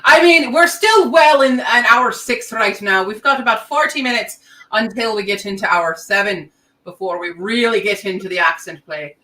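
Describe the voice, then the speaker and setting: Bright, playful woman streamer. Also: a little high, normal speed, distant mic. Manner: playful, joking. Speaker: co-host of a live stream. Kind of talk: casual chat.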